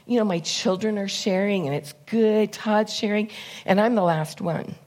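A woman's voice: mid-range voice, moderate pace, a little mellow. A middle-aged woman gives a conversational sermon as a church speaker. She tells personal stories candidly and works through a numbered list of points.

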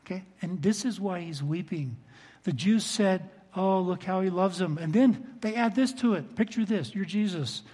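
An older man, a pastor preaching a sermon to his congregation, earnest, swinging between loud emphasis and soft low asides. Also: normal speed, breathy edge. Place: church sanctuary. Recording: long reverb of a large hall.

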